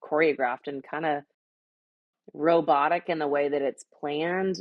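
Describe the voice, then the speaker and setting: A woman's voice: deep voice, fairly even intonation, measured pace, dry recording, dull audio. A woman in her thirties, an actress guest on a podcast, chatting casually and telling stories with many fillers. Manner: chatty, filler-heavy, warm storytelling. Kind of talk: casual interview chat.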